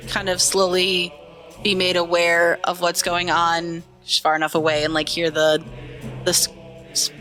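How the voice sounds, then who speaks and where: A tabletop player describing their character's reaction while thinking aloud, halting. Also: mid-range voice, monotone, bright, forceful tone, faint music behind.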